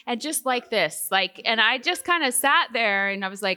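A woman speaking at a Christian women's conference, telling a personal story with lively, animated delivery, recorded live in a hall. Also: sits high, moderate pace, few pauses. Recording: hall reverb from a live venue.

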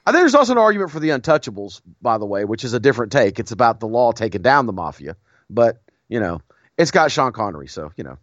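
A man's voice: medium pitch, sing-song, quick pace, fairly bright tone, no room sound, lo-fi sound. A man co-hosting a podcast in casual chat, rambling and digressing with frequent restarts. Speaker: podcast co-host.

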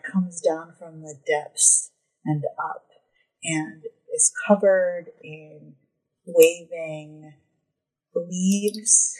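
A woman narrating a tabletop role-playing game as game master, describing scenes at an unhurried pace. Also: deep voice, breathy edge, rough recording.

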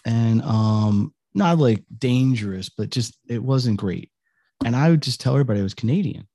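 A man's voice: medium pitch, expressive, moderate pace, creaky, mellow, no echo, studio quality. A middle-aged American man hosting a podcast, chatting casually and rambling with frequent restarts. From United States. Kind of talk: casual interview chat.

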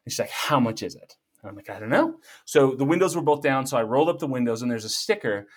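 A middle-aged man telling a personal story as a podcast guest, in a jokey, animated way. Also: medium pitch, quick pace. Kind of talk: casual storytelling.

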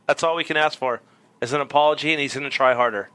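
A man's voice: mid-range voice, fast talker, bright, forceful tone. A man co-hosting a podcast, needling the host with blunt jokes in casual banter.

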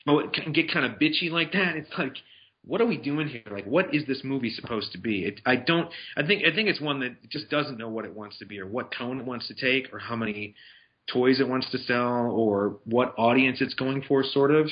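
A film reviewer with a medium-pitched voice talks fairly quickly and casually about movies he's seen. He rambles, restarting sentences and using fillers, and the recording has a dull lo-fi sound.

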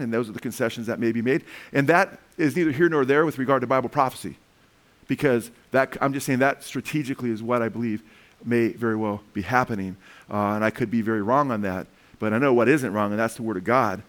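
A middle-aged man preaching about world events, talking in a rambling, animated way with frequent restarts. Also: mid-range voice, fairly quick. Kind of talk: sermon with commentary.

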